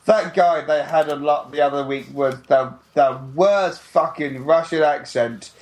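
A man's voice: fairly high pitch, unhurried. Blunt, cheerful male wrestling podcaster. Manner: blunt, swears, mocking asides. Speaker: podcast co-host. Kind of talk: casual wrestling chat.

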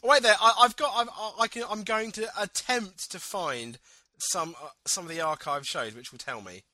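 A man co-hosting a podcast in casual chat, animated, laughing often and repeating himself as he thinks aloud. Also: sits high, moderate pace, no echo. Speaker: podcast co-host.

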